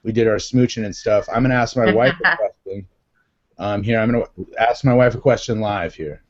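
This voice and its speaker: A man's voice: on the low side, a little fast, highs cut off. A man hosting a live online question-and-answer chat, playful and teasing with his guests. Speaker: host.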